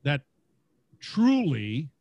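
An energetic man with a big booming voice, chatting casually in a podcast interview and laughing often. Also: drawn-out words, vocal fry, dry recording, lo-fi sound. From Louisiana, United States. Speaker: podcast host and guest. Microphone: podcast mic.

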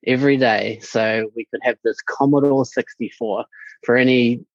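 A man with a New Zealand accent, a tech founder chatting casually as a podcast guest, relaxed and hesitant. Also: medium pitch, normal speed, dry recording, lo-fi sound. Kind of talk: casual interview chat.

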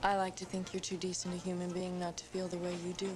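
A woman's voice: lowish voice, completely flat delivery, fast talker, natural voice. An actress playing an earnest woman agent, heard in a film clip with ambient noise. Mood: pleading.

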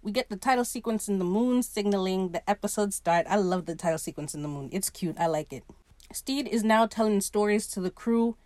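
A woman's voice: mid-range voice, brisk, darkish tone, dry recording. Woman, solo host, sassy and blunt, dry close sound, mid-range voice. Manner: sassy, blunt, profane asides. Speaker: podcast host reviewing a TV episode. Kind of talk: casual solo commentary.

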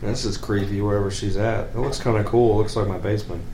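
A man's voice: lowish voice, fairly even intonation, fast, dark tone. A man in casual podcast chat, laid-back and agreeable. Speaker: podcast co-host. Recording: echoey room with faint noise.

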